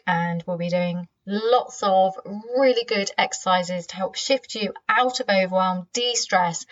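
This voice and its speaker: A British woman hosting her own podcast, speaking gently and conversationally in a croaky, sleepy voice. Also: mid-range voice. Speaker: podcast host. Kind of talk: solo podcast monologue. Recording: slightly dull lo-fi sound.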